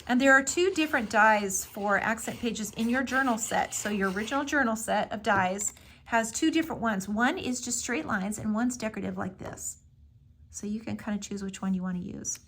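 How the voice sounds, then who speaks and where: A woman's voice: fairly high pitch, moderate pace, fairly bright tone. A woman giving a casual step-by-step craft tutorial, explaining each move with friendly fillers. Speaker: craft instructor.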